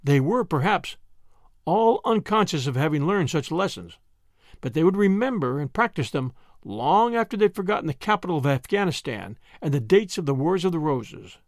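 A man narrates a classic novel with gentle, expressive storytelling. His voice sits high and moves with lively pitch. The recording is close and dry. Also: normal speed, no room sound. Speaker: audiobook narrator. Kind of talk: scripted narration.

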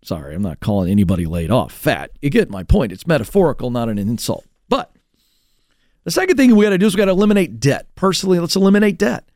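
A male radio host giving fired-up talk show commentary, animated and mocking as he mimics others. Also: mid-range voice, fast talker, no room sound, studio quality.

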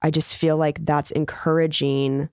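Low-voiced woman comedian guest. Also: unhurried, clear, resonant tone, no echo, studio quality. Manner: chatty, animated storytelling. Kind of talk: casual chat.

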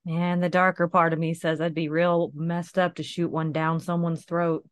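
A co-host banters on a casual podcast, joking and riffing on the topic. The voice sits at a middle pitch and is recorded dry and close. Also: flat delivery, moderate pace, dry recording. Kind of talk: casual chat.

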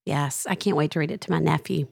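A woman's voice: sits low, fairly even intonation, fast, gravelly, a little mellow, slightly rough. A woman co-hosting a casual interview, affirming and encouraging her guest. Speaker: podcast co-host.

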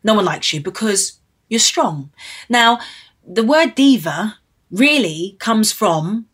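A woman's voice: medium pitch, big pitch swings, takes it slowly, a bit bright, slightly rough. A woman in her thirties from Britain, speaking as an interview guest, earnest and emotional, repeating phrases for emphasis. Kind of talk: candid interview.

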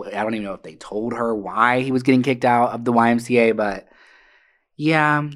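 A woman's voice: very deep voice, normal speed. A woman co-hosting a casual chat, telling stories bluntly with plenty of swearing. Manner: blunt, profane storytelling.

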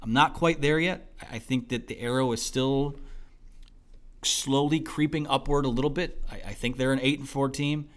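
A man talking through a post-game football analysis in a loose, thinking-aloud way with lots of fillers and restarts, his voice going hoarse. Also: mid-range voice, steady tone, moderate pace. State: losing his voice. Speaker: sports analyst.

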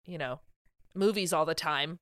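A woman with a bright, crisp voice co-hosts a podcast and chats in an animated way. Her delivery is sharp and clear. The sound is dry and close. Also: sits low, moderate pace, no room sound. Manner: chatty, animated, laughs often. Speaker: podcast co-host. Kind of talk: casual comedic chat.

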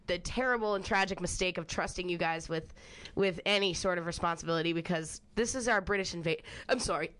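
A woman's voice: medium pitch, fairly bright tone. Swearing, sarcastic woman podcast host. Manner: profane, sarcastic, laughs a lot. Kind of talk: casual podcast banter.

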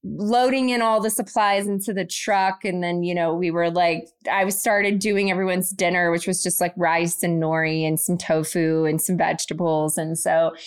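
A woman in her thirties, co-hosting a podcast, telling a story in a casual and animated way. She laughs often and acts out what people said. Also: on the low side, moderate pace, hardly any pauses, smooth. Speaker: podcast co-host.

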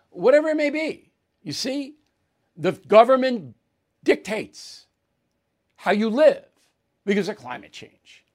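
Sing-song and high-pitched, a little mellow, at a measured pace: that's the voice of a political talk show host giving an opinionated, emphatic monologue. He talks conversationally and often asks the audience "right?" or "okay?"

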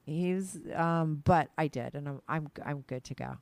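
A woman hosting a podcast, rambling excitedly and laughing easily, feeling hyper and giddy. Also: low-pitched, moderate pace, creaky, no room sound. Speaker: podcast host. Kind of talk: casual podcast chat.

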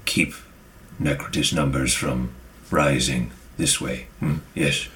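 A solemn tortle warrior, as a man plays him, speaks at a crawl in an extremely deep voice. He hums to himself between slow, heavy words. He sounds like a creature from a tabletop adventure. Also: steady tone, a bit bright, slight background noise, exaggerated voice. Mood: ponderous. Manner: slow, pausing, with musing hums.

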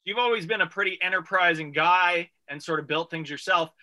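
Male talk-radio host, bright and high, loose rambling banter. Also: fairly quick. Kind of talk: casual radio chat.

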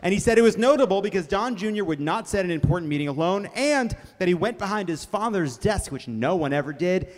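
A man's voice: high-pitched, fairly quick, few pauses. A man hosting a comedy news show, delivering a live monologue with bursts of laughter. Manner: energetic, breaks into laughter. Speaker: host. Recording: reverberant live venue.

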